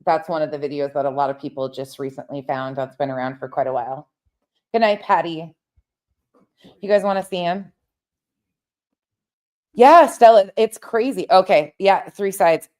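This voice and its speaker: A woman's voice: sits low, moderate pace, long pauses, a little mellow. A woman hosting a casual late-night livestream, talking straight to her viewers, swearing often and getting heated. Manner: paces around while talking. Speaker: livestream host reading chat.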